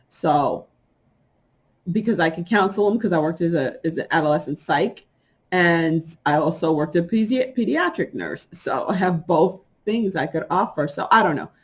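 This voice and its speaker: Middle-aged woman, solo vlogger; emphatic, indignant delivery in fast bursts. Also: mid-range voice. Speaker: spiritual vlogger. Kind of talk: casual monologue to viewers.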